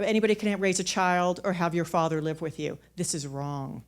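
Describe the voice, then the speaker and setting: A woman's voice: fairly low pitch, steady tone, a little fast. A woman telling a personal story on a theater stage into a microphone, candid and self-mocking, often restarting her words.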